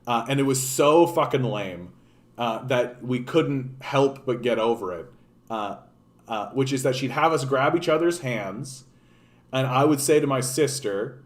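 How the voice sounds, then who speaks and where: A man's voice: medium pitch, unhurried. A man hosting a casual political livestream, talking off the cuff, rambling with frequent restarts and swearing. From Canada. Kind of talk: casual unscripted commentary.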